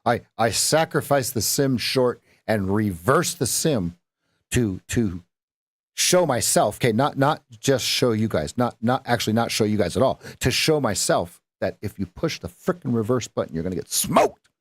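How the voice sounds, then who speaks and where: A man with a mid-range voice speaks animatedly at a moderate pace, without echo. He coaches viewers through live trades in stream-style market commentary, wandering and self-correcting while adding playful sound effects.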